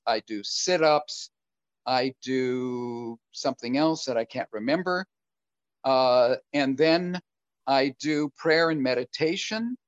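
An older man speaking earnestly and reflectively as a guest speaker, answering questions about his recovery in a halting way. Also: medium pitch, no echo. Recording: dull lo-fi recording.

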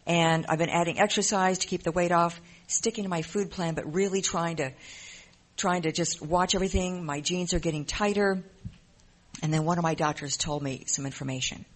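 In a recovery program, a member shares an earnest, emotional personal testimony, often repeating phrases. The voice is medium-pitched and steady in tone, moving at a normal speed.

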